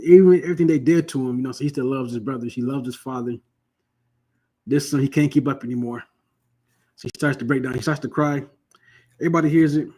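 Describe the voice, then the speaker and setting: A husky-voiced man leads a Bible class at an ordinary middle pitch. He reads scripture slowly and deliberately, then slips into relaxed, slangy retelling full of asides. His voice now and then drifts away from the microphone. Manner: slow deliberate reading, then loose conversational retelling with slang. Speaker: Bible study teacher. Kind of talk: scripture reading and casual explanation.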